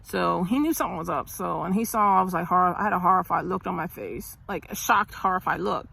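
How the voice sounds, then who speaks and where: Gravelly, bright-voiced woman telling a story. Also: on the low side, brisk, rough recording. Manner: rambling, with many restarts and sighs. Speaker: mother telling her birth story. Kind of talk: casual storytelling vlog.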